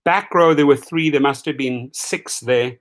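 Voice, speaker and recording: A man hosting a live rideshare stream, ranting and telling stories in a mocking, animated way with casual profanity, speaking straight to his viewers. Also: mid-range voice, measured pace. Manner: animated, mocking, swings between shouting and muttering. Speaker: rideshare channel host.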